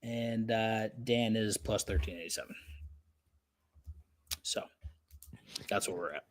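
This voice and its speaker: Brash, cursing betting-stream co-host. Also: male voice, on the low side, slow, slight background noise. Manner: brash and profane. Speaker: co-host of a sports betting livestream. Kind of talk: casual chat.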